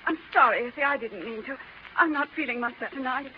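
An actress playing a prim, gentle spinster aunt who speaks earnestly and fretfully in a vintage radio drama. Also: female voice, high voice, brisk, natural voice. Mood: upset. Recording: muffled old radio recording with hiss.

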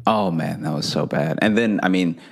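A man with a very deep voice tells a story in a relaxed podcast chat. He slips into the voices of the people he is quoting and laughs as he goes. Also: normal speed, creaky, husky. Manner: animated, acts out phone calls, laughs through the story. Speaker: podcast co-host telling a story.

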